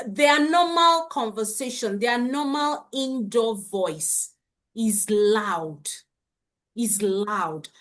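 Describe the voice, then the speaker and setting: A middle-aged parenting coach runs a live webinar, speaking slowly and without hurry in a slightly high, somewhat bright voice. She keeps returning to her points and frequently asks viewers to confirm in the chat.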